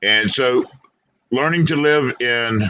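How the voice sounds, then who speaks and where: A man from Florida with a Southern accent, hosting a casual chat and rambling with many fillers; he has no teeth but speaks clearly. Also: medium pitch, slow, sharp tone, dry recording, muffled recording. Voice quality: toothless. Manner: rambling, frequent "you know" fillers. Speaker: host.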